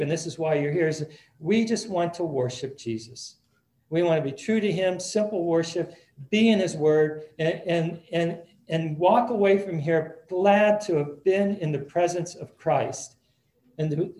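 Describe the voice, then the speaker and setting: A man's voice: on the high side, a little mellow, roomy sound, rough recording. A man preaching a sermon as pastor in an easygoing, conversational way, often repeating words as he restarts.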